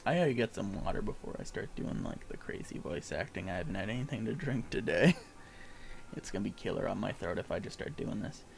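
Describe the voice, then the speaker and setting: A man's voice: on the low side, big pitch swings, brisk, vocal fry, a little mellow. A man casually commenting on a game he is streaming, rambling with a lot of filler words. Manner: rambling, heavy use of filler "like".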